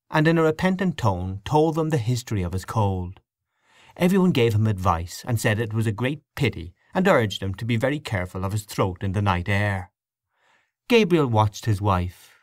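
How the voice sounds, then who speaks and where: A man reading a literary short story aloud as an audiobook narrator, in a measured, expressive way. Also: on the low side, no echo, studio quality.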